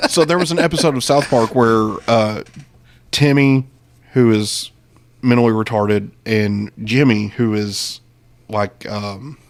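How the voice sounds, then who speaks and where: A man's voice: fairly low pitch, a little slow. A man co-hosting a casual political livestream, talking in a brash, profane, joking way. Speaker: podcast co-host.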